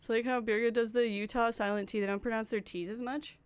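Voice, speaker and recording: Young canadian woman on stream, kinda high voice, chatty, answering chat while doing makeup. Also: steady tone, fast talker, clean tone. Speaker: livestreamer.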